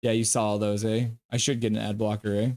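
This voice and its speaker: A man's voice: on the low side, flat delivery, quick pace, darkish tone. Man, live stream host, play-by-play, casual chat reading, jokey banter.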